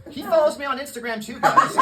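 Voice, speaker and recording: A man's voice: extremely high pitch, far from the mic, very noisy. A young man performing a stand-up comedy set, casual and stammering, often laughing at his own jokes. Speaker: opening stand-up comic. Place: comedy club stage.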